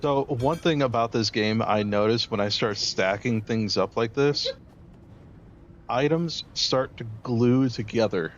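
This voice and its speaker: A man's voice: medium pitch, measured pace, dull audio, a little hiss or hum. A man hosting a livestream, chatting casually, often hesitant and chuckling as he talks. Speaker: livestream host. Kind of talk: casual stream chat.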